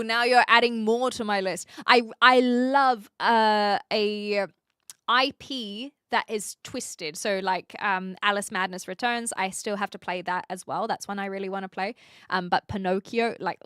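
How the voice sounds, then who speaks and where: A woman's voice: medium pitch, fairly bright tone, clean tone, no room sound, studio quality. A woman, chatting casually on a livestream and reading chat aloud, with frequent ums and restarts. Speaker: streamer.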